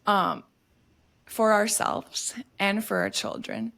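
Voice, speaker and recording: A woman's voice: medium pitch, sing-song, slow pace, creaky. A woman hosting a casual podcast interview, affirming and laughing lightly as she talks. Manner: warm and affirming, laughs between words. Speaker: podcast host.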